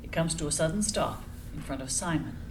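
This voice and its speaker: A woman narrating the action lines of a screenplay reading in an even, descriptive way. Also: deep voice, fairly quick, background noise.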